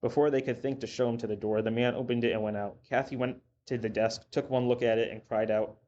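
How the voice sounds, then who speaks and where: A man reading a story aloud in a steady, measured narration. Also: mid-range voice. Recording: dull lo-fi with faint hiss.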